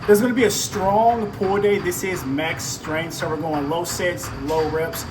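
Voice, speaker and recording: A man's voice: sits high, fairly even intonation, a little slow. A man vlogging casually about his workout, chatty and easygoing, recorded on a built-in camera mic with no proper microphone. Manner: chatty, easygoing, thinks aloud. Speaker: fitness vlogger. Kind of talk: casual unscripted vlog talk. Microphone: built-in camera mic, no external microphone. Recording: noisy background, no proper microphone.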